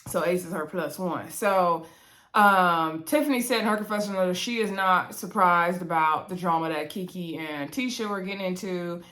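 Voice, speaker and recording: A woman's voice: lowish voice, fairly bright tone. Chatty woman recapping a reality show. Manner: chatty, retells scenes in quoted voices, laughs often. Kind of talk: casual TV recap chat.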